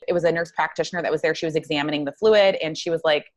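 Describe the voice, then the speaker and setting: A woman guest telling her own story in an interview, earnest and halting, with many fillers. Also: low-pitched, fairly even intonation. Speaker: guest psychologist.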